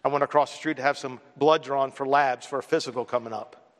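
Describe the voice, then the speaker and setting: A man's voice: mid-range voice, fairly even intonation, fast. A male pastor preaching a sermon in a conversational, storytelling way, now and then imitating others in a raised voice. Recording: long hall reverb.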